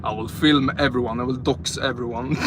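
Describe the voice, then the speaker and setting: A livestreamer with a mid-range voice and fairly even intonation talks briskly, chatting and joking with viewers as he drives and then shops in a large grocery store. It's casual live-stream chat recorded on a phone held in hand, with background noise.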